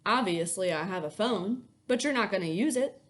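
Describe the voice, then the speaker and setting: A tired, unimpressed middle-aged motel clerk, as a woman reads her aloud, snapping out short, dismissive answers. Her delivery swings up and down in pitch. She plainly wants no part of anyone's troubles. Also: expressive, normal speed, a bit bright, lightly acted. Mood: curt. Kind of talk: reading a children's novel aloud.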